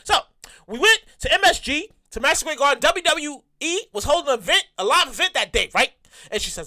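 A man with a high, bright voice rants through his comedy bit, getting worked up and looping back on the same phrases. His pitch swings widely as he goes. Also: fairly quick. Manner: excitable, rambling, repeats himself often. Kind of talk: rambling comic monologue.

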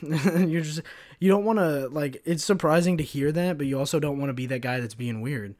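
A man's voice: on the high side, fairly quick, a little mellow. A man in his twenties hosting his own podcast alone, rambling loosely, swearing often and laughing at his own jokes. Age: 20s. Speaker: podcast host. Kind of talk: casual solo podcast rant.

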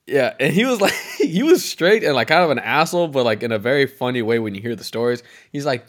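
A man's voice: medium pitch, animated, fast talker, hardly any pauses, a bit bright. A young man on a podcast, chatting casually, wandering through a swearing-laced story full of tangents. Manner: rambling storyteller, swears often, trails off on tangents. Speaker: podcast co-host. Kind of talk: casual chat.

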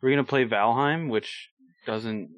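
A man co-hosting a podcast in casual chat, chiming in with quick agreement and jokes. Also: mid-range voice, fairly bright tone, dry recording. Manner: quick agreeing backchannels, jokey. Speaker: podcast co-host.

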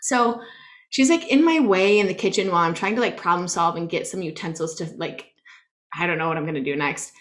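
A woman co-hosting a podcast, telling a story in a casual, animated way, full of "like" and acting out what she said. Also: on the low side, a little fast. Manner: animated, peppered with "like", acts out her own quotes. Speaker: podcast co-host.

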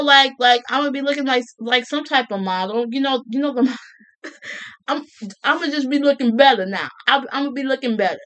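A woman's voice: on the high side, a bit bright. Joking young woman, laughing vlogger. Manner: joking, laughs often, repeats herself. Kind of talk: casual monologue to camera.

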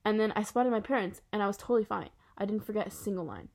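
A woman's voice: medium pitch, quick pace, darkish tone, natural voice. A woman reading as a bubbly, gushing schoolgirl. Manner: gushing, emphatic. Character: chatty, bubbly schoolgirl, eager to please. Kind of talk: audiobook character reading.

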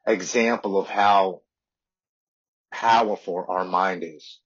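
Man, forties, raspy voice, earnest recovery story, muffled lo-fi audio. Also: sits low, steady tone, slow pace. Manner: earnest, repeating words as he talks. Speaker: podcast guest. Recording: dull lo-fi audio.

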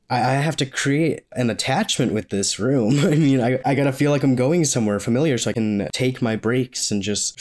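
A young man talking in a casual question-and-answer vlog, rambling and joking with frequent laughs. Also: medium pitch. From Maine, US. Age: young adult. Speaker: vlogger.

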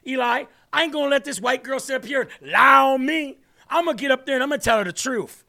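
Brief: rushed, shouting, indignant woman prosecutor, mocked by a male host, high and loud. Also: creaky, full character voice. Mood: furious. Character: furious defiant woman prosecutor, middle-aged.

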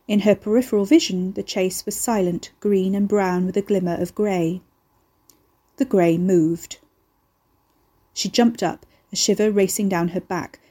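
Woman reading a novel chapter aloud, steady and measured, audiobook style. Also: mid-range voice. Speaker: narrator.

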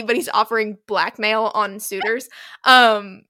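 A woman's voice: mid-range voice, steady tone, takes it slowly, pushed and bright. A woman co-hosting a casual podcast, recapping a book plot in a chatty way with lots of fillers. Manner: chatty storyteller, many fillers like "um" and "like". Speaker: podcast co-host. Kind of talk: casual chat.

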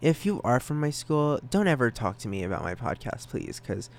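A teenage boy hosting his own podcast, rambling and self-deprecating, giggling and jumping into sudden high silly voices. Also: very animated, moderate pace, vocal fry. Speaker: podcast host.

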